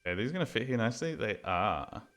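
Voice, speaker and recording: An Australian man chatting through a game stream, with a slightly low voice and a bright, forceful tone. He rambles loosely, swears constantly and talks to himself as he plays. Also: big pitch swings, brisk. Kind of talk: casual gaming commentary.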